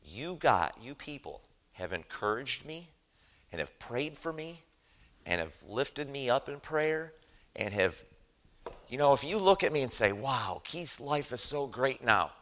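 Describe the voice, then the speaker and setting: Earnest man preaching with bright force. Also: mid-range voice, very animated, moderate pace. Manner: earnest, emphatic, asks the congregation "right?". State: choked up with emotion. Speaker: lay preacher. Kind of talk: sermon. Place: church.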